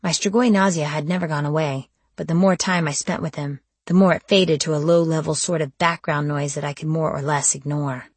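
Woman narrator, low husky voice, dry close sound, measured first-person storytelling. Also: steady tone, no room sound. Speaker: audiobook narrator.

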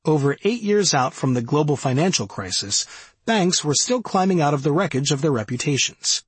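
A man reads nonfiction aloud in a steady, measured audiobook manner. His voice is strongly breathy and husky, set a little high and moving freely in pitch. The sound is dry, with no room around it. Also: no echo. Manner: measured, even reading with quoted passages. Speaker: audiobook narrator. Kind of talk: scripted nonfiction narration.

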